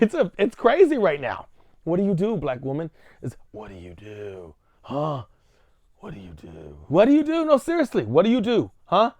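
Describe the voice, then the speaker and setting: A man's voice: fairly high pitch, a little mellow, dry recording. A man ranting in a provocative vlog monologue, hammering the same rhetorical questions. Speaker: vlogger.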